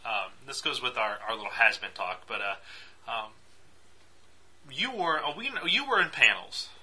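A man's voice: mid-range voice, a little slow, breathy edge. A man co-hosting a podcast, telling a story in casual chat and acting out the quotes. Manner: animated storyteller, acts out quotes.

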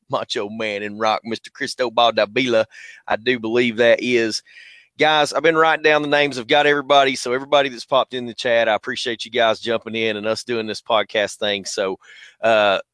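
Speaking in a mid-range voice with a Southern US drawl, a man hosts a relaxed livestream podcast over a headset. He keeps it slangy and easygoing, calling out chat members by name, and the sound is dry.

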